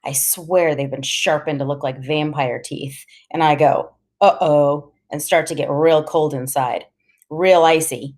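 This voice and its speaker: A woman's voice: low-pitched, a little mellow. A woman reading a first-person story aloud in a casual, slangy storytelling manner. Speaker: audiobook reader.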